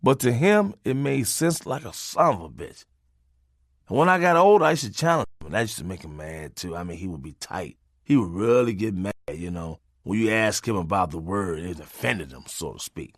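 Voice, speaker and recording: A man telling comic family stories in a profane, animated way. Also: deep voice, moderate pace, no echo, clean studio sound. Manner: profane, animated, laughs often.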